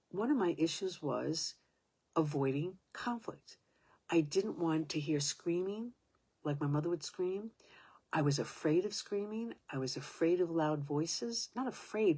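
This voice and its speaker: A woman in her seventies telling a personal story in a halting way, restarting sentences and sometimes dropping to a whisper. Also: sits low, warm tone, slightly rough. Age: 70s.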